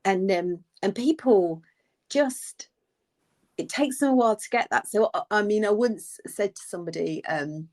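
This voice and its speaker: A woman's voice: medium pitch, normal speed. A middle-aged woman, a nurse co-hosting an advice podcast, chatting casually and acting out the phrases she quotes. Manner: animated storyteller, acts out quoted phrases.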